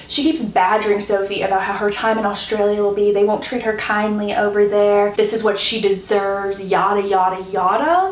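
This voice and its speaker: A woman's voice: on the high side, a little hiss or hum. A young woman chattily recapping a TV plot with gossipy flair, acting out the quotes. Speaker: book and TV recap creator. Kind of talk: casual plot recap narration. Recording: roomy echo, distant from mic.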